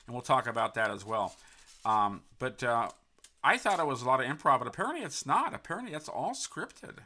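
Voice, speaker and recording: A man's voice: mid-range voice, very animated, fairly quick, bright, forceful tone. A male podcast host in a casual interview, rambling and chatty with lots of fillers.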